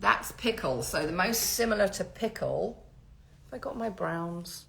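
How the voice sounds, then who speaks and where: This woman's voice is lowish and gravelly, with lively intonation and a measured pace. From home, she hosts a casual live Q&A on interiors, reading viewer questions aloud and warmly rambling into anecdotes; the recording has room echo and faint background noise.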